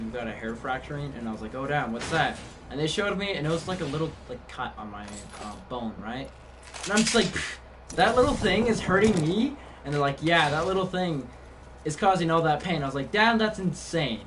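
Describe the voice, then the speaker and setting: A young man chatting casually on a live game stream, telling a story in a rambling way with many fillers and restarts. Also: mid-range voice. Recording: distant mic with background noise.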